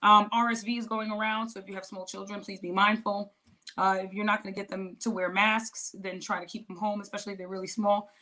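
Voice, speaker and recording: A woman's voice: mid-range voice, level tone, fairly quick, sharp tone. A woman hosting a podcast, chatting casually and rambling a little, with frequent restarts and laughs. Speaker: podcast host. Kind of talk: casual interview chat.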